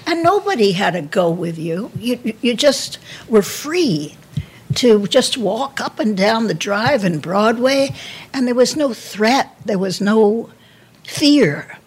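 Husky-voiced older New woman. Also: a little high, very animated. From New York. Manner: halting, with frequent restarts and repeated words. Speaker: guest, actress. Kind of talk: candid reminiscing interview.

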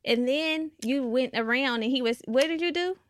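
A woman's voice: high voice, normal speed, no room sound. A young woman co-hosting a casual podcast chat, reacting with teasing questions and dry asides. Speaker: podcast co-host.

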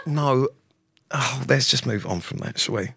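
A man's voice: mid-range voice, measured pace, gravelly, pushed and bright, slightly rough, no room sound. Dry-humoured man co-hosting. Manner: dry, self-mocking teasing. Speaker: podcast co-host. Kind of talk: casual banter.

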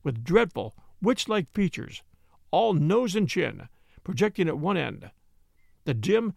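A man narrates a story in a high, gravelly voice, his pitch rising and falling a lot. The recording is dry and close. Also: sing-song, measured pace, a little mellow, no echo. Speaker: audiobook narrator. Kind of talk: scripted narration.

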